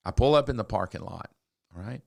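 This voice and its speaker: A man's voice: fairly low pitch, brisk, vocal fry, dry recording, studio quality. A man, co-hosting a podcast and telling a story, acting out the lines of the people in it. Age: 60s. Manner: animated storyteller, acts out quotes. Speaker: podcast co-host. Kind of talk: casual storytelling chat.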